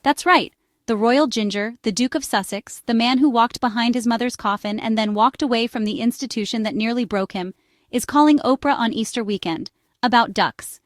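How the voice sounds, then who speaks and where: A woman's voice: fairly high pitch, normal speed, no echo, studio quality. A woman reading a scripted narration in a playful, dramatic way. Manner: playful, dramatic build-ups.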